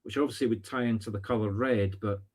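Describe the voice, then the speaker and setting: A man's voice: lowish voice, fairly even intonation, quick pace, darkish tone, husky. A man with a Scottish accent giving live-streamed psychic readings, chatty and thinking aloud with teasing asides. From Scotland. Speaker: spiritual medium.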